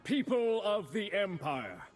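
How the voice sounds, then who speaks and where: A man's voice: sits high, huge pitch swings, takes it slowly, no room sound, faint music behind, heavily acted. A stern ancient king. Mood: proclaiming. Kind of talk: game cutscene voice acting. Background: loud game score.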